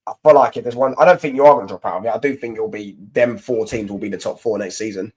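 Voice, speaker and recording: A man's voice: on the low side, quick pace, breathy edge. A young man hosting a casual football live stream, reading chat comments and mocking rival fans in rambling, slangy banter.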